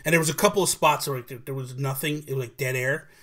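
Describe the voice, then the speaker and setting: A man's voice: medium pitch, quick pace. A man hosting a live video chat, talking casually and energetically, rambling with restarts and greeting viewers by name. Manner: animated, rambling with many restarts, greets chatters. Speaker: livestream host.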